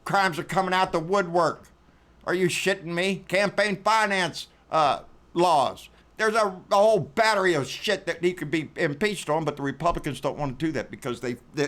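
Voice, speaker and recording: A man's voice: a little high, fairly bright tone. A man hosting a casual political commentary rant, talking in a sarcastic, profane way and repeating himself for emphasis.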